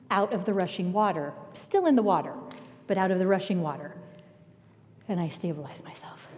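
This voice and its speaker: A woman pastor preaching a sermon, telling a personal story with animated energy and laughter. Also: mid-range voice. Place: church sanctuary. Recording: long reverb of a church hall.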